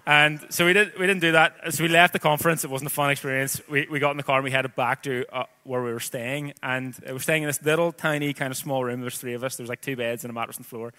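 A Northern Irish man in his thirties preaching a sermon, his voice bright and forward. He reads scripture and then slips into loose, chatty storytelling padded with casual asides. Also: mid-range voice, steady tone, fast, few pauses. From Northern Ireland.

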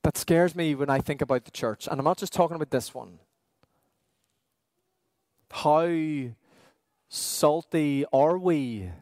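Male pastor, slightly higher voice, earnest questioning sermon. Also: darkish tone, no room sound. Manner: earnest, questioning, with slow emphatic pauses.

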